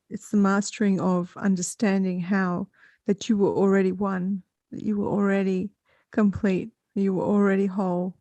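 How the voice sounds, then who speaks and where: Female talk show host, unhurried and halting, dry close sound. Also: medium pitch, mellow, no echo. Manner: halting, many fillers and restarts. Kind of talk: spiritual talk show chat.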